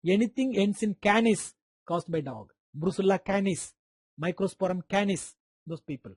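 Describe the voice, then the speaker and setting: A man's voice: high-pitched, animated, moderate pace, a little mellow, no echo. Man teaching microbiology with an Indian accent. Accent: Indian English. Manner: quizzing students by name, repeating terms for emphasis. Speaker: medical lecturer. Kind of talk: online medical lecture.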